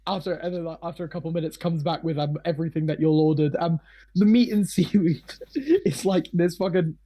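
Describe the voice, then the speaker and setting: Rambling, giggly high-voiced man narrating. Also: brisk, mellow. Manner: rambling, laughing, heavy filler and swearing. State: slightly hoarse. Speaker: game master. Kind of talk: narrating a tabletop game.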